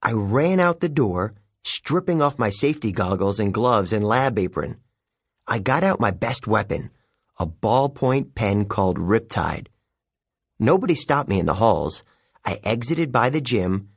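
A man's voice: on the low side, measured pace, breathy edge, dry recording, studio quality. A man narrating a children's audiobook in the first person, with a wry storytelling manner. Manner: lively, wry storytelling with youthful character voices.

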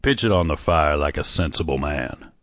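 A man doing a weary old male soldier who speaks slowly and solemnly in a deep, low voice. The warnings come out heavy and dogged, in a dry, close storybook recording. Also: lively intonation, a bit bright, no room sound, heavily acted. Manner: slow, grave and dogged.

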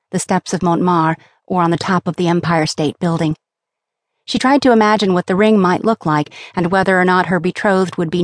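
Measured female audiobook narrator. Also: fairly low pitch, no echo, clean studio sound.

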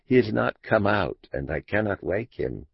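A man's voice: lowish voice, animated, unhurried, vocal fry, dry recording, heavily acted. A man voicing a frightened, faded foreign woman who speaks with a lisp, read in an audiobook. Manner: lisping, timid. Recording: dull lo-fi audiobook recording.

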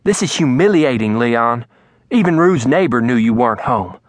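A man voicing an angry mother confronting her husband, raised and sharp. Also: fairly high pitch, lively intonation, moderate pace, husky, no echo, pitched above the performer's own voice. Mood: furious. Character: angry Southern mother, wife scorned.

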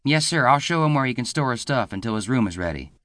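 A man's voice: medium pitch, animated, quick pace, fairly bright tone, no room sound, voice pushed up, lightly acted. A man narrator voicing a pleasant, polite woman at a front desk.

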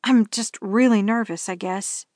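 A nervous young woman driver, voiced by a female narrator, stammering and rambling through apologies. Her voice sits mid-pitch and dry in an audiobook reading. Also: measured pace, a little mellow, no room sound, close to an everyday voice.

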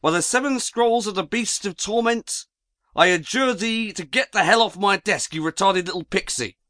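A woman's voice: mid-range voice, moderate pace, a bit bright, no echo, studio quality, close to an everyday voice. A woman voicing an exasperated young man who grumbles at his useless demon servant.

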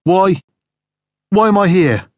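Man doing a young petty criminal, cocky, defensive, high-pitched, husky, dry sound. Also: sing-song, very slow, no room sound, exaggerated voice. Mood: frightened. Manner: raised, agitated and pleading.

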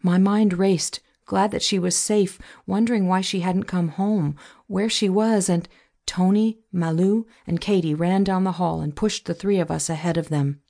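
A woman reading a novel aloud in measured, scripted first-person narration. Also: fairly low pitch, steady tone, creaky, warm tone. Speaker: audiobook narrator.

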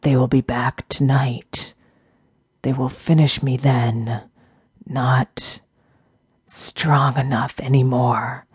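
A mortally wounded orc warrior speaks in a ghastly rasp, put on by a woman reading an audiobook. His words come in halting, breathy fragments that sink toward a whisper, slow and drawn out. The sound is dry and close. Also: a bass voice, level tone, darkish tone, no room sound, full character voice. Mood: weak. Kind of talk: audiobook narration.

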